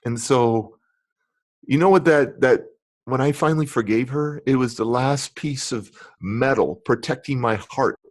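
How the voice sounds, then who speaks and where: A man's voice: mid-range voice, unhurried. Middle-aged guy on a podcast sharing his story, earnest and emotional, ends up preaching like a motivational speaker. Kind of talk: personal storytelling in a podcast interview.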